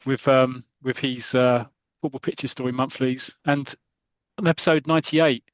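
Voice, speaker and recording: A man's voice: mid-range voice, steady tone, normal speed, no echo, highs cut off. A man hosting a podcast in casual chat, hesitant and introducing segments. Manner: hesitant, many fillers and restarts, introducing clips. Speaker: podcast host.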